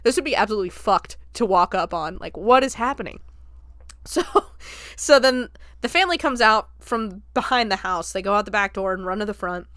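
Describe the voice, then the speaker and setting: Profane, animated woman podcaster. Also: medium pitch, brisk, dry recording, studio quality. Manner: profane, animated storyteller who jumps into quoted voices. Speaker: podcast host. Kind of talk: casual film review retelling.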